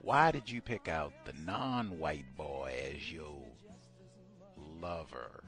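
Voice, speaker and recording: A man's voice: a bass voice, slow, a bit bright, soft background music. A man hosting a radio study session, talking emphatically and asking pointed rhetorical questions. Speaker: radio show host.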